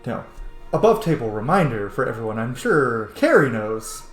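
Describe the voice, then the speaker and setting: A man's voice: mid-range voice, sing-song, normal speed, reverberant, soft background music. A man narrating as game master of a tabletop game, telling the scene in a loose, filler-heavy way.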